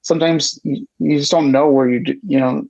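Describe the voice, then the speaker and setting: A man's voice: a little high, steady tone, a little fast, vocal fry, a little mellow. A man guest on a podcast, talking in an emotional, gushing, casual way. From Chicago area. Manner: emotional, gushing, repeats "you know what I mean". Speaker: podcast guest, record shop co-owner. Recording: dull lo-fi sound.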